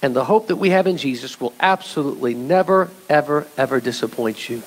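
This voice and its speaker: A male pastor preaching a sermon, animated and speaking directly to his congregation, sometimes acting out voices from the story. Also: medium pitch, a little fast, slightly rough. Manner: animated, acts out voices of scripture figures; addresses congregation directly as church.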